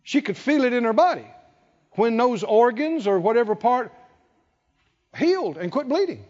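A man's voice: very high-pitched, sing-song, darkish tone. A man preaching a sermon, emphatic and rhetorical, stretching out key words. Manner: emphatic, rhetorical questions, drawn-out stresses. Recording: dull sound with long hall reverb.

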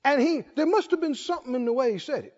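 Folksy preacher with a lively high voice. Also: male voice, quick pace. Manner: folksy, humorous storytelling, laughing often. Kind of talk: sermon. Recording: dull lo-fi recording in echoey hall.

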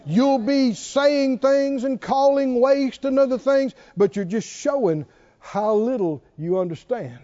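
A man's voice: very high voice, unhurried. A male pastor preaching a sermon, telling a story with acted-out dialogue and laughter. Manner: animated, acts out dialogue, laughs. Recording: dull lo-fi church recording.

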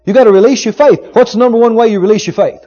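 A man preaching a sermon, retelling a story with emphatic, dramatic rising shouts. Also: high-pitched, rapid-fire. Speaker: pastor. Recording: dull lo-fi sermon recording.

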